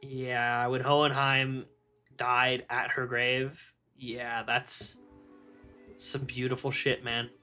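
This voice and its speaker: Young man, streamer, casual live chat, bright forceful voice, swears a lot, laughs often, faint music behind. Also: mid-range voice, little pitch movement, slow.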